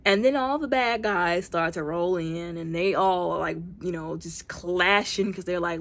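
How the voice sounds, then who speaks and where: A woman giving a casual, animated movie review, acting out characters' lines and using lots of fillers. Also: on the low side, unhurried, gravelly, few pauses. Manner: heavy use of fillers like "like" and "you know".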